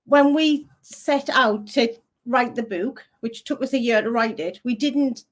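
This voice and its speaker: High-voiced northeast English woman. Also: measured pace. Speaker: co-host. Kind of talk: casual live chat.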